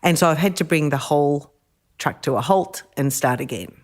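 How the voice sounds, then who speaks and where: Guest, Australian woman, middle-aged, deep-set voice, warm storyteller who laughs easily. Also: moderate pace. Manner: lively, laughs often while telling stories. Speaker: podcast guest. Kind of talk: storytelling in casual chat.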